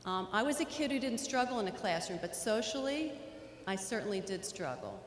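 A woman's voice: mid-range voice, sing-song, fairly quick. A middle-aged woman telling a personal story in an earnest speech, with small stammers, in a large hall. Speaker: hall of fame inductee giving a speech. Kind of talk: acceptance speech. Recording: echoey hall, long reverb, faint noise.

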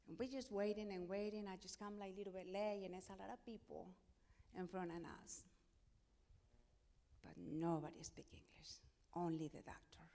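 A middle-aged woman pastor with a Spanish accent, telling her testimony in a sermon and acting out the dialogue with emphasis. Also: mid-range voice. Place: church sanctuary. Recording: long hall reverb.

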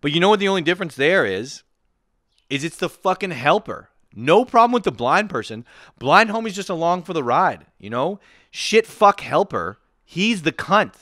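Man, podcast host, profane animated ranter, lively pitch. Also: normal speed, no room sound, clean studio sound. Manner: animated ranting, swears a lot, laughs often. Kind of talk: casual profane comedy chat.

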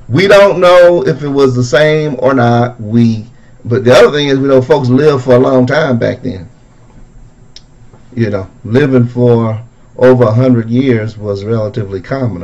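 A man, a pastor leading an interactive Bible study in a conversational, musing way with drawn-out phrasing. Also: mid-range voice, darkish tone.

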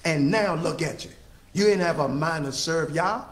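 A man's voice: on the high side, normal speed, reverberant. A man preaching a sermon with call-and-response, stretching out his key phrases for emphasis.

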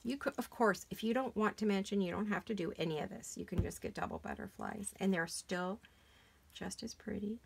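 A middle-aged woman, hoarse today, chatting casually and rambling as she hosts a craft session in her home studio. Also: mid-range voice, sing-song, fairly quick, a little hiss or hum. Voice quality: gravelly, froggy voice today. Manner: chatty, rambling, talks while working with hands. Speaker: crafting channel host. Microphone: camera mic while sitting back from a craft table.

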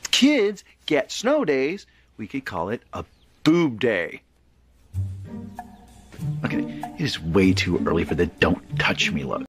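An actor playing a playful husband in a TV drama clip, with a teasing, wry delivery. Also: male voice, lowish voice, very animated, slow pace, pauses often, soft background music.

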